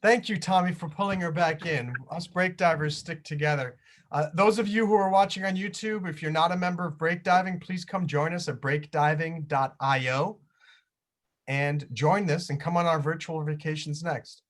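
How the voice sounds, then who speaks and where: A man's voice: a little high, fairly even intonation, normal speed. A man hosting a virtual tour over a video call, chatty and jokey. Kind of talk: casual chat on a video call.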